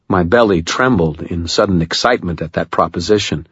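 Male audiobook narrator, very low, husky voice, dry wry delivery, muffled recording. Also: fairly quick, few pauses, no room sound. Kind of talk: first-person scripted narration.

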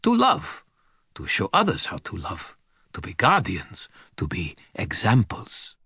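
A man voicing a calm, gentle male guardian dog with a dry, polite wit, a bit higher than his own voice. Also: unhurried, husky, no echo, heavily acted.

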